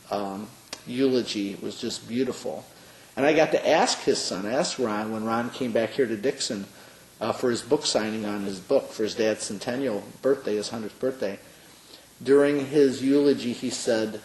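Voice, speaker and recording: A man's voice: fairly low pitch, darkish tone. A middle-aged man, a pastor, recalls events in an oral history interview, telling the story earnestly with many fillers. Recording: roomy with faint hiss.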